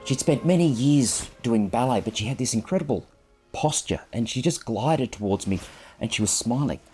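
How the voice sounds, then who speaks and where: A man in his fifties recounts a memory as a photographer, earnest and gently self-mocking. His voice is warm and mellow with a husky grain. Faint music plays behind him. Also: mid-range voice, animated, moderate pace. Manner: earnest, reflective and self-deprecating. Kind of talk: personal storytelling. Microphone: clip-on microphone.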